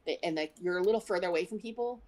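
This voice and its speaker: A woman's voice: lowish voice, rapid-fire, darkish tone. A woman co-hosting a live stream, chatting animatedly and reading viewer comments aloud. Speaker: livestream co-host reading chat. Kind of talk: casual chat.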